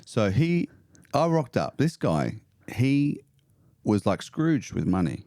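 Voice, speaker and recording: A man's voice: mid-range voice, takes it slowly, no room sound, clean studio sound. A young South African man, a podcast guest, telling stories in casual chat, swearing freely and tripping over his words. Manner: swears freely, animated rambling storyteller, stumbles over words.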